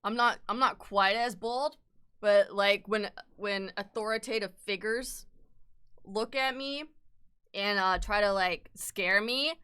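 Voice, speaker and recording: A woman's voice: medium pitch, takes it slowly, bright, forceful tone, clear, resonant tone. A young adult woman streaming while she sketches, chatting and ranting bluntly with lots of swearing and "like". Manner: peppered with "like". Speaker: art streamer. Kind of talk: casual chat while sketching.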